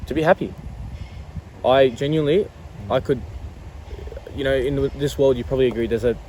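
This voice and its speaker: Young guy from iran telling stories, relaxed slangy chat, bit of city noise around. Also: medium pitch, brisk, poor audio. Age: young adult. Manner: animated, laid-back storytelling with slang. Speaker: interviewee. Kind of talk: casual interview chat.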